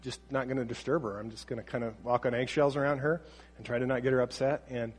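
A parenting teacher gives a casual, conversational talk, acting out bits of quoted dialogue. His medium-pitched voice is slightly rough and fairly even in intonation, moves at a quick pace, and trails a long reverb tail.

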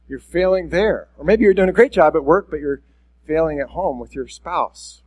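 A pastor's fairly high, darkish-toned voice carries a conversational sermon at a church service. He's frank and direct with his listeners, openly self-deprecating.

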